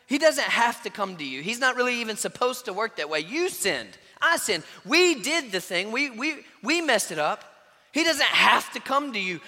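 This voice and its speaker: Pastor guy preaching, high bright voice, long church echo, acts out the story. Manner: animated storytelling with voiced quotes. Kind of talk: sermon. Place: church sanctuary.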